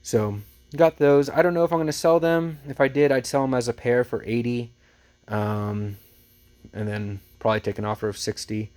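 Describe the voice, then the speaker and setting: A man who resells thrift finds, telling a story casually and with lively energy. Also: medium pitch, normal speed. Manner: chatty, animated retelling with laughs.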